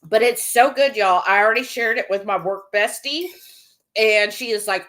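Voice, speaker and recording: A woman's voice: mid-range voice, moderate pace, a bit bright. A woman co-hosting a live cooking stream, chatting casually and reading out viewer comments. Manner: chatty and laughing, lots of "like" and "y'all".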